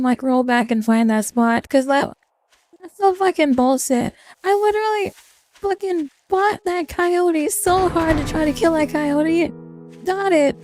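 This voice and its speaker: A woman streamer reacting to a game as she plays, swearing constantly and yelling at enemies. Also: sits high. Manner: profane, yelling, reacting loudly. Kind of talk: live gameplay commentary.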